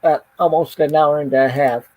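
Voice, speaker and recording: Mellow-voiced man hosting a casual chat. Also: fairly high pitch, fairly even intonation, poor audio. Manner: halting, lots of uh fillers. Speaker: show host. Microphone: streamed panel chat.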